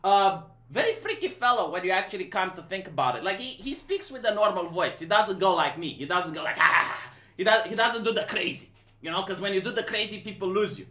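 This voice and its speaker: Woman, Romanian accent, streamer commentary, blunt and emphatic, bright voice, echoey room. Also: mid-range voice, lively intonation, fast talker. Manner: blunt, emphatic, repetitive, many restarts. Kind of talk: casual opinion commentary. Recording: roomy echo.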